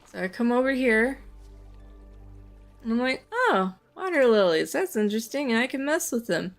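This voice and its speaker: A woman's voice: fairly high pitch, sing-song, normal speed. Woman streamer, casual let's-play chat, reads game lines aloud, laughs and swears, light music behind.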